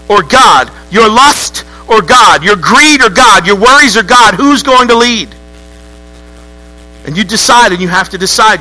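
High bright voiced pastor man preaching, animated and jokey, bit of music and hum behind. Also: low-quality recording. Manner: lively, joking, acts out voices with rising outbursts. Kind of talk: sermon. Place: church sanctuary with congregation.

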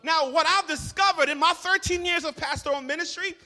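A man preaching a sermon as pastor, telling the story with humor and animated asides. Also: very high-pitched, a little fast. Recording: large hall reverb.

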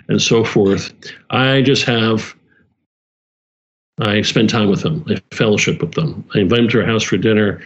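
A man's voice: on the low side, unhurried, muffled recording. A man leading a small church, talking earnestly in casual conversation, repeating himself and restarting his phrases.

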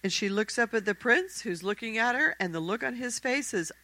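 A woman telling a fairy tale aloud in a church service, expressive and acting out the characters. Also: fairly high pitch, brisk, low-quality recording. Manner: expressive, acts out the characters' voices. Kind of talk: animated fairy-tale storytelling.

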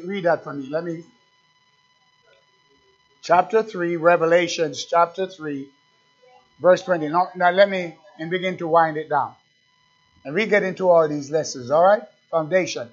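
A male pastor preaching a sermon, emphatic and repetitive, putting questions to his congregation. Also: high-pitched. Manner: emphatic, repeats phrases, asks the congregation questions. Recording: dull lo-fi sound.

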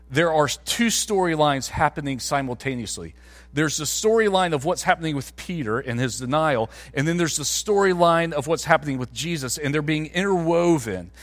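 A man's voice: fairly high pitch, a bit bright. A man, a pastor, preaching a sermon in a conversational way that climbs to emphatic peaks.

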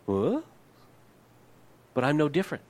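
Middle-aged man preaching with hushed emphasis. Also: huge pitch swings, measured pace. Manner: preaching with rhetorical questions, dropping to a hushed, low voice for emphasis. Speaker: pastor. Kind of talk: sermon.

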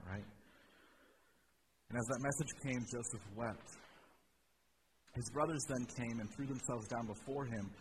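Male preacher, mid-pitched, informal sermon delivery with restarts and wry comments; steady ambient hiss behind. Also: normal speed, long pauses, poor audio. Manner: informal, repeats words, wry asides. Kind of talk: conversational sermon on scripture. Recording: steady background ambience noise.

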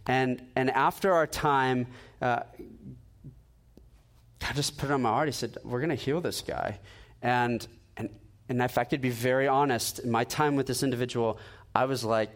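Man, preacher, conversational sermon, animated storytelling, mid-pitched voice. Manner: animated storytelling, acting out dialogue; earnest, conversational.

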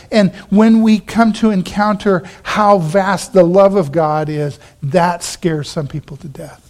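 A man pastor preaching a sermon, animated, acting out the Bible characters in quick asides. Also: high-pitched.

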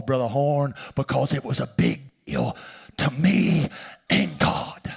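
A man preaching a sermon in church, telling a personal story and swinging from shouts down to hushed whispers. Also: mid-range voice, very animated, fairly quick, vocal fry. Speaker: pastor. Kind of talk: sermon testimony.

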